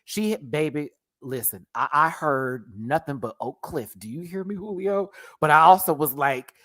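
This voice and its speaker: A man's voice: a little high, measured pace, hardly any pauses, fairly bright tone. A man casually reviewing a drag show on a livestream, sassy and slangy, laughing often and playfully exaggerating.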